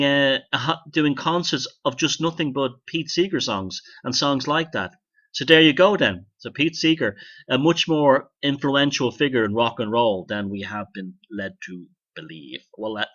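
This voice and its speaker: Male podcast host, sharp-toned, rambling sardonic monologue, lo-fi sound. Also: medium pitch. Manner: rambling, sardonic, swears casually.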